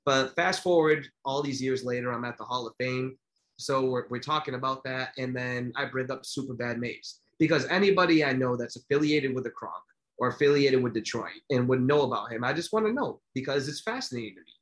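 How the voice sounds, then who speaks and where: A man in his thirties co-hosts a relaxed podcast chat at a middle pitch. He tells long stories with plenty of fillers and restarts, and his voice rises and falls with excitement. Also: fairly quick. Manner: animated storyteller, many fillers and restarts. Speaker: podcast co-host.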